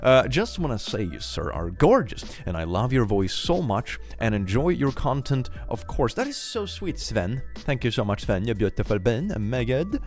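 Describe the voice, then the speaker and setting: A man's voice: big pitch swings, normal speed, hardly any pauses, faint music behind. Bubbly, giggly young man streaming. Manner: bubbly, giggly, swoops into high squeals. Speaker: streamer reading donations. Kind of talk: casual livestream chat.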